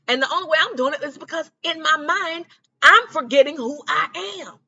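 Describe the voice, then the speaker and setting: Bright high-voiced woman giving spiritual encouragement. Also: moderate pace, highs cut off. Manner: casual, encouraging, colloquial, repeats "okay?" and "you know what I'm saying?". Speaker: spiritual guidance creator. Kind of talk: motivational spiritual talk.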